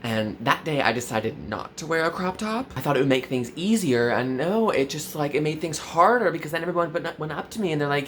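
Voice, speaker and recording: A man in his twenties doing a mock-earnest parody vlog, full of valley-girl fillers and sudden swoops in pitch. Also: lively intonation, a little fast, few pauses, a bit bright, slight background noise. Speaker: comedy vlogger.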